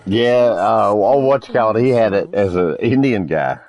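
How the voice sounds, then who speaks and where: A man chats over a multiplayer game in a lowish voice that rises and falls a lot. His stories ramble, and he is crude and teasing toward his friends. Faint music plays behind him. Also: animated, moderate pace, a little mellow. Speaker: gaming streamer.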